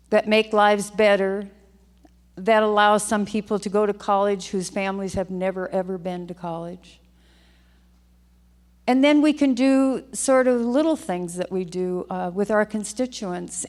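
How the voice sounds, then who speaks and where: An older woman who serves as a state legislator delivers a heartfelt, emotional farewell speech on the chamber floor, often repeating her phrases. Her voice is mid-range and somewhat dark, at a moderate pace, with long hall reverb on the recording.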